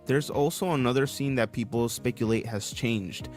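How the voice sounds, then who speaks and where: A man giving scripted narration in a video, explaining things in an even way. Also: medium pitch, normal speed, soft background music.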